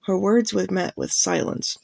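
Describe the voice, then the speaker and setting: A woman reading a novel aloud as a fan audiobook, narrating in an even, plain storytelling manner. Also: mid-range voice, a little slow, creaky, no echo.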